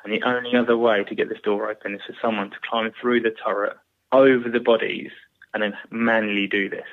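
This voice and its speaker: Low, flat British man on a tinny line. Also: no echo. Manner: halting, plain-spoken, frequent restarts. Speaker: guest, former soldier. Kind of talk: recounting a war story in an interview. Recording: tinny phone-like line, dry.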